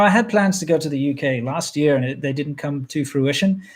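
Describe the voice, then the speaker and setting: Rambling man chatting through viewer questions. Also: fairly high pitch. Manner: relaxed, rambling, frequent fillers and restarts. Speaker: channel host answering viewer questions. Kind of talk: casual livestream Q&A chat.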